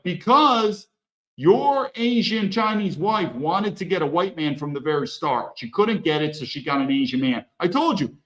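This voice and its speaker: A man's voice: on the high side, expressive, normal speed, a bit bright, reverberant, rough recording. A man hosting a commentary stream, talking in a blunt, emphatic and repetitive way. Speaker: host.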